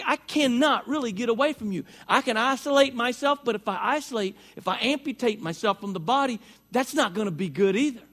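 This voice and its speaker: A man's voice: high voice, a bit bright. A man preaching a sermon to his church in a conversational way, often repeating words and lifting his voice for emphasis as he walks around with a mic. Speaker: pastor. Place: church sanctuary.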